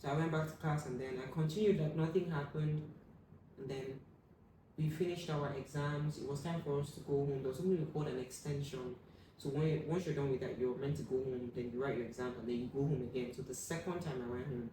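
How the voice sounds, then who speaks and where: A young adult woman telling a personal story as an interview guest, acting out what people said with sudden loud high bursts. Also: fast talker, distant mic. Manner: animated, acts out quoted voices with sudden loud high bursts. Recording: echoey room, voice from off the mic, faint room hum.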